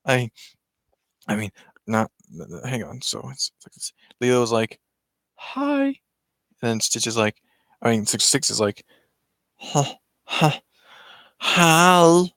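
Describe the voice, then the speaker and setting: A man's voice: lowish voice, flat delivery, moderate pace, gravelly, fairly bright tone, no echo, studio quality. A man casually retelling a film's story, rambling with many restarts and self-corrections. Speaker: vlogger.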